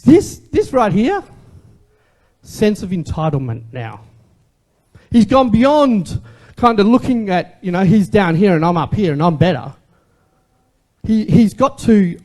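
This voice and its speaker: A man's voice: sits high, very animated, measured pace, long pauses, darkish tone. A man, preaching a sermon as a pastor in a conversational way and asking the congregation questions.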